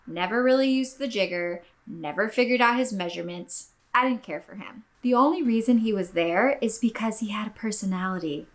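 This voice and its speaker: A young podcast host reads a listener's story aloud, then tells one of her own in a casual, animated way, swearing plenty and acting out quotes expressively. Her mid-range voice moves briskly with few pauses.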